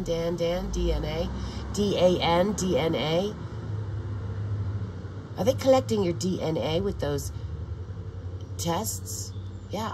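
A woman's voice: on the low side, background noise. An older woman vlogging in a meandering, profane monologue full of restarts. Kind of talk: rambling casual monologue.

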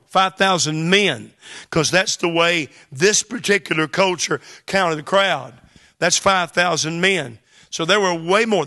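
A man's voice: on the high side, sharp tone. A man pastor preaching a sermon, building to emphatic bursts and exclamations. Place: church hall.

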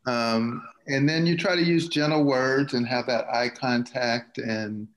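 A man taking part in a church class discussion. He speaks gently and thoughtfully and often pauses to fill with small words. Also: mid-range voice, steady tone, slight background noise, poor audio. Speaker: class participant. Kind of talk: casual chat.

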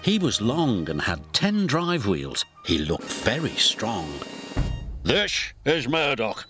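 A man with a British accent narrating a children's story in an expressive studio voice-over and doing all the characters. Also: lowish voice, takes it slowly. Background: music.

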